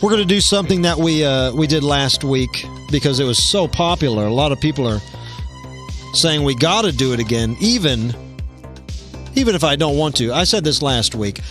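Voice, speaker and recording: A man hosting a livestream comedy show, rambling and deadpan, contradicting himself as he goes. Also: fairly high pitch, moderate pace, soft background music.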